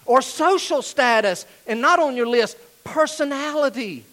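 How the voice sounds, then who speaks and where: A male pastor preaching with a fairly high voice that swings widely in pitch. He talks in an animated way and climbs to shouting at the peaks. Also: moderate pace, hardly any pauses. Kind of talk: sermon.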